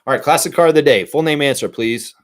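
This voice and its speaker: A man's voice: medium pitch, fast talker. A man hosting a casual live stream, chatting loosely and reading viewer comments aloud. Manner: chatty, reads chat aloud, sings snatches of songs.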